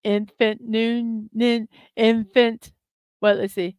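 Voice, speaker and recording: Woman livestream host, chatty and giggly with viewers, unhurried delivery, dry room. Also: on the high side, little pitch movement, darkish tone, clear, resonant tone, no echo. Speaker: host of a daily morning livestream. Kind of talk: casual live-stream chat.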